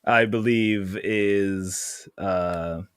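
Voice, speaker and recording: A man hosting a casual livestream chat, halting and full of fillers, laughing easily. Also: lowish voice, fairly even intonation, clear, resonant tone, dry recording, clean studio sound. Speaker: stream host.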